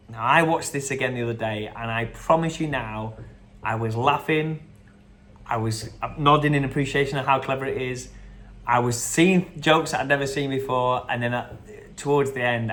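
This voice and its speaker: Chatty quiz host. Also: male voice, mid-range voice, a bit bright. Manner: chatty and rambling, with fillers and quick quote impressions. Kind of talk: casual quiz answer run-through.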